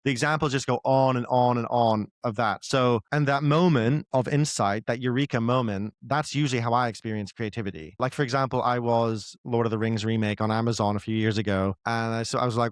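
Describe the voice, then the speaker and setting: A man of middle pitch explains his ideas as a guest in a relaxed conversation, rambling and padding his sentences with fillers. His voice sits dry and close, with no room sound around it. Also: fairly quick, hardly any pauses, clean tone, no room sound. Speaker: guest writer. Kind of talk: casual podcast conversation.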